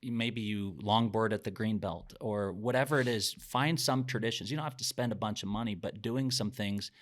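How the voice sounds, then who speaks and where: A man's voice: on the low side, normal speed. A middle-aged man, a podcast guest, telling a personal story in an earnest, reflective way. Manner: earnest, reflective, sometimes emotional.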